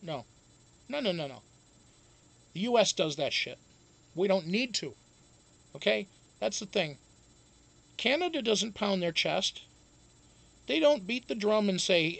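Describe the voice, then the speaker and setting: A man with a high voice and a gravelly, creaky edge. He chats casually on a live stream, rambling and swearing freely, often breaking into laughs. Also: expressive, unhurried, long pauses, fairly bright tone. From United States. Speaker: show host.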